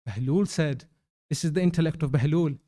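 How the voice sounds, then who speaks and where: Young man, religious lecture, high voice, warm dark tone, storytelling with acted-out dialogue. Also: fairly quick. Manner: acts out quoted dialogue with pitch jumps. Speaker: speaker at a mourning gathering.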